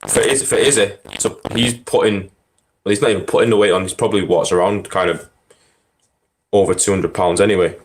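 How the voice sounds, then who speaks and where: A man's voice: sits low, steady tone, fairly quick, a little hiss or hum, poor audio. A man chatting casually on a podcast, telling stories with frequent laughs and fillers. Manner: laid-back storytelling, frequent laughs and fillers. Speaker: podcast co-host. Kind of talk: casual chat about MMA.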